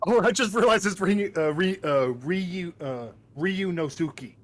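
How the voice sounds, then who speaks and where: A man's voice: sits high, animated, moderate pace. A man giving casual, joking commentary while playing a game, often stumbling over names. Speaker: let's play host.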